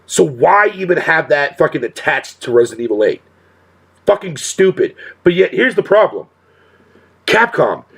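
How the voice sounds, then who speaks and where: A man's voice: fairly high pitch, gravelly, husky. A male streamer talking casually to his chat in a profane rant, swearing constantly and laughing often.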